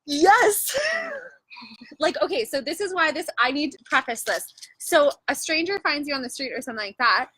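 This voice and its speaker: A woman's voice: high-pitched, animated, a bit bright, no echo. A Canadian woman hosting a casual chat, joking around and laughing often. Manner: giggly, joking, quick to laugh. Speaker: livestream host.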